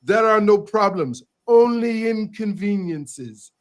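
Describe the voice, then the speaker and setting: A man putting on the voice of an excitable, laid-back island hotel manager who gives calm, drawn-out reassurance. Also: sits high, voice pushed up. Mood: soothing.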